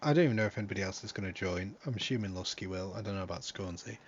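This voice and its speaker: A man's voice: deep voice, very fast, lo-fi sound, background noise. A man hosting a racing league stream in a casual, joking manner, swearing freely. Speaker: league host and commentator. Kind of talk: casual live-stream commentary.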